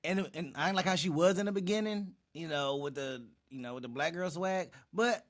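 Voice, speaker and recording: A man's voice: a little high, fairly quick. A man hosting a reaction video, commenting casually and thoughtfully on a dating show clip. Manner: thoughtful, talks to the viewer, sighs.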